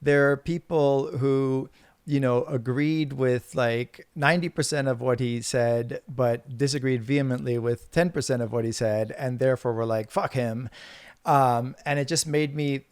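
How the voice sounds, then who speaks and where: A middle-aged man with an ordinary mid-range voice tells stories in a rambling, animated way as he hosts a podcast. The sound is close and dry, with no room around it. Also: mid-range voice, normal speed, clean tone, no room sound. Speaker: podcast host. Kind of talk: casual conversation.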